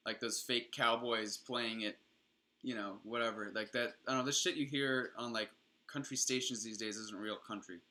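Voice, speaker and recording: A man's voice: on the low side, pushed and bright. A young adult man streaming, rambling casually and enthusiastically with frequent swearing.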